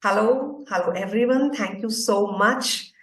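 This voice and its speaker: A woman's voice: mid-range voice, a little slow, fairly bright tone. A woman storyteller from India politely greeting an online audience over a video call. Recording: roomy, distant from the mic.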